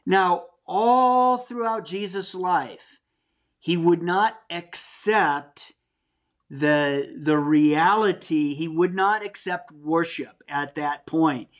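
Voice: mid-range voice, slow. A Bible teacher giving a conversational sermon, earnest and plain-spoken, often restarting and adding asides.

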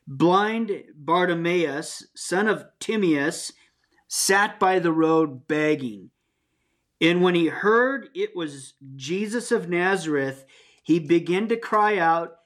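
A Bible teacher giving a conversational sermon, earnest and plain-spoken, often restarting and adding asides. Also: medium pitch.

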